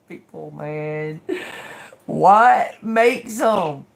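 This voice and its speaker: Woman tarot reader on a live stream, casual and encouraging, unhurried delivery, lowish voice, keeps checking in with "okay?". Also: animated, gravelly. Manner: repeats and restarts words often; joking and sarcastic asides with laughter.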